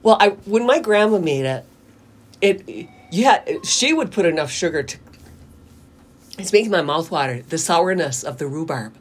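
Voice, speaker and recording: Woman, radio talk host, casual banter, teasing, low voice, husky. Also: lively intonation, moderate pace. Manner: teasing, laughs often.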